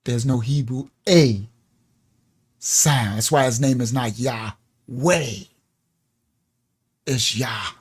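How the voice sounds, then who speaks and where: Male livestream teacher, unhurried, emphatic, conversational, fond of rhetorical questions. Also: mid-range voice, breathy edge. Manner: emphatic, repeats words, asks rhetorical questions; chatty, addresses viewers by name. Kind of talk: live-streamed religious teaching.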